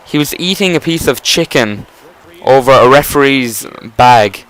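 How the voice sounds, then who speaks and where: Guy rambling on about wrestling over a game, smooth clear voice, mid pitch, swears a bit. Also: expressive, a little slow, a bit bright, poor audio. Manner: enthusiastic, rambling, casual swearing. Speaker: gameplay commentator. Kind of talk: casual rambling commentary.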